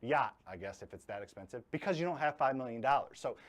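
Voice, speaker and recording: A man with a mid-range, expressive voice talks at a quick pace while hosting a live online class on real estate investing. He's blunt and jokey, hitting his key words hard throughout this training session.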